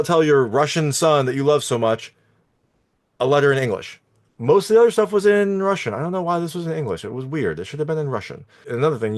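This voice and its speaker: A man talking casually as a film reviewer, recapping a plot in a chatty, meandering way with many fillers. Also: medium pitch. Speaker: movie reviewer.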